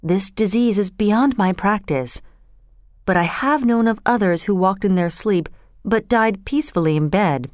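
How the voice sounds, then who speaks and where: A woman voicing an anxious male court doctor who asks troubled questions in a hushed way. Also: medium pitch, unhurried, no room sound, clean studio sound, close to an everyday voice. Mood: grave.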